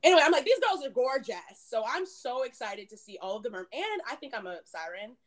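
A woman in her late twenties chats on a friends' podcast, giggly and loose, full of "like" and "um". Her voice sits a little high. The talk is casual and unhurried. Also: expressive. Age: 20s. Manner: chatty, giggly, lots of "like" and "um". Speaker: podcast co-host. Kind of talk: casual chat.

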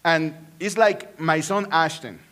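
A man's voice: on the high side, measured pace, fairly bright tone. A man from Mexico, a Spanish speaker with a Mexican accent, preaching a playful sermon and joking with his congregation. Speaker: pastor. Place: church auditorium.

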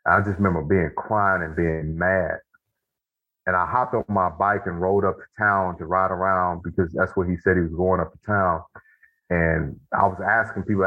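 A man with a very deep, husky voice speaks reflectively and weighs his words slowly when he makes a point. His voice comes through a narrow, tinny, phone-like line. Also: steady tone. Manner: reflective, slow and deliberate when making a point. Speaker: guest, author of a men's journal. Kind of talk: casual heartfelt conversation.

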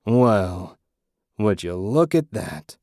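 A man reading an audiobook, voicing a gruff, taunting male gang leader. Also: lowish voice, unhurried, no room sound, studio quality, lightly acted.

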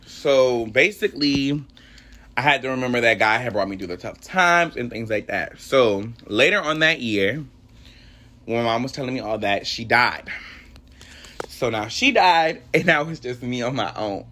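Young adult man, solo podcast host; heartfelt, rambling faith talk with a bright, animated voice. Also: medium pitch, normal speed.

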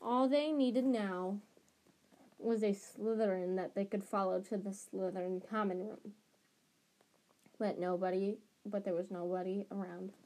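A woman's voice: medium pitch, steady tone, unhurried, mellow. Woman reading a novel aloud. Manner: restarts and self-corrections. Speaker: storybook reader.

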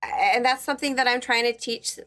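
A woman with a bright, fairly high voice in a casual chat about family life. She talks expressively and drops into mock-stern lines when she quotes herself. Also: a little fast. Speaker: parent co-host.

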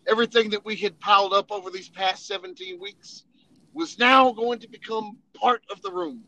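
A man's voice: very high voice, big pitch swings, moderate pace, gravelly, pushed and bright, dull audio. A man telling funny army stories in casual, profane storytelling, laughing and acting out voices as he goes. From Tennessee.

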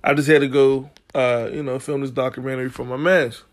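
A man's voice: medium pitch, level tone, brisk. A man hosting a podcast, telling a story in a casual, profane, slangy way, getting heated as he goes. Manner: slangy, profane, gets heated and loud when retelling arguments. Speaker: podcast host.

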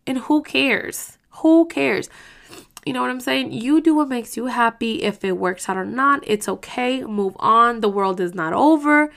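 A woman with a gravelly, fry-heavy voice pitched a little high talks straight to her listeners on a podcast. She is heated and blunt and swears freely. She rambles and restarts as the feeling takes hold. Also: measured pace, a bit bright. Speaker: podcast host. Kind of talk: casual podcast monologue.

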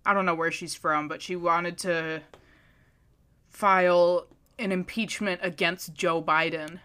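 A woman's voice: on the low side, fairly even intonation, measured pace, pushed and bright, smooth. A young woman in casual podcast chat, chatty and offhand, cracking jokes.

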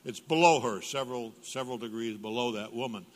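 An older man, a guest speaker in a church sanctuary, delivers a humorous sermon of stories, acting out dialogue with big jumps in his voice. His medium-pitched voice moves a little fast, and the hall is reverberant.

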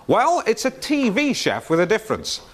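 On a noisy old TV recording, an actor in a 1990s sitcom plays an awkward, self-important male chat show host who stammers and gets flustered. His voice sits high, swooping wildly in pitch at normal speed.

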